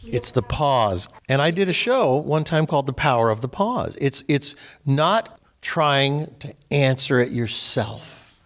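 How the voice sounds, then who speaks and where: An older man, the host, chatting casually and telling animated stories that grow louder and higher as he gets going. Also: measured pace. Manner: animated storyteller, voice rising as he tells stories. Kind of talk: casual chat.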